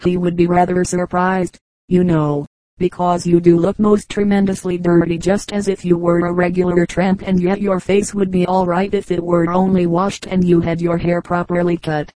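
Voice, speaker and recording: A woman's voice: on the low side, little pitch movement, dark tone, no room sound, natural voice. Woman reading as a frank, chatty girl. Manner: candid, brisk and chatty. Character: lively, frank young English girl. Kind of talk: audiobook character reading.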